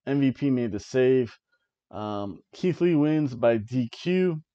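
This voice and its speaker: A man's voice: medium pitch, animated, slow pace, warm tone, lo-fi sound. A man hosting a casual wrestling review show, rambling along and laughing at his own jokes as he sits at home. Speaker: podcast host reviewing wrestling. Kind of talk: casual chat. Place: home, seated in an old chair.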